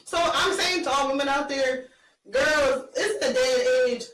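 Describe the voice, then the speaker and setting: A woman's voice: sits high, unhurried, fairly bright tone. A woman co-hosting a casual chat show, talking bluntly with lots of fillers and laughs. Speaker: podcast co-host. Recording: echoey room from far off, faint noise.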